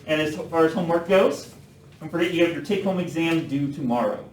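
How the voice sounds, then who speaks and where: A man teaches a math class in a relaxed, joking way, filling his pauses with plenty of uhs. His voice sits somewhat high. The recording is echoey and distant, as if taken from across a classroom with faint background noise. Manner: relaxed, joking, with many uh fillers. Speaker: math professor. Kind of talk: classroom lecture.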